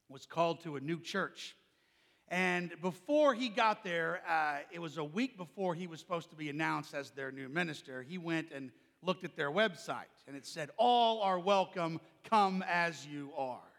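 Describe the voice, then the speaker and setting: Animated high-voiced male preacher, gravelly. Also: big-room sound. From Oklahoma. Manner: animated storytelling, loud and carrying. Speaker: pastor. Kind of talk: sermon with personal story.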